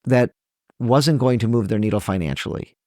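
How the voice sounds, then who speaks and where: With a warm, mid-range voice at normal speed, a middle-aged trial lawyer from Michigan, USA gives an earnest, emotional conversational interview as a podcast guest. He often restarts his sentences and corrects himself. The recording is dry, with clean studio sound.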